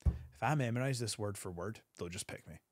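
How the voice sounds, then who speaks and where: A man, a wrestler telling an animated backstage story as a guest on an interview show. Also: breathy edge, dry recording, studio quality. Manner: animated storyteller, quick bursts of pitch.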